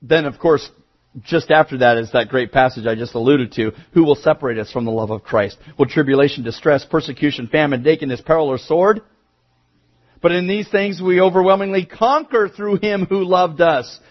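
A male pastor with a fairly high voice preaches at a moderate pace, shifting from quiet asides to emphatic, raised declarations. The recording is muffled.

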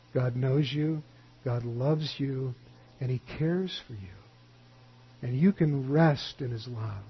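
A man preaching a sermon as a pastor, earnestly, telling stories with animation and dropping to a hushed voice at the close. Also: fairly high pitch, a little slow, breathy edge, muffled recording.

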